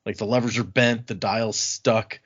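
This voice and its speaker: A man's voice: lowish voice, moderate pace, slightly rough. A man recapping book chapters in casual podcast chat, acting out the characters' lines as he goes. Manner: animated retelling, acts out characters' lines. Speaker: podcast host retelling the chapters. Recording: slightly muffled lo-fi audio.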